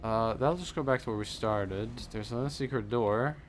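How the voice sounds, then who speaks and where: A man narrating his own playthrough of a role-playing game in a relaxed, chatty way. His voice sits a little low, and he keeps up dry, sarcastic jokes about traps and loot. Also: normal speed, a little hiss or hum. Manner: wry, sarcastic joking. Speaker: let's play host. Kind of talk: casual game commentary.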